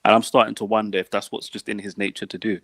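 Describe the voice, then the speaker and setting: A man's voice: fairly low pitch, flat delivery, fast, creaky, fairly bright tone, dry recording. A man on a football panel, blunt and dismissive in casual debate. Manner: blunt, dismissive, laughs easily. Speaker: football pundit.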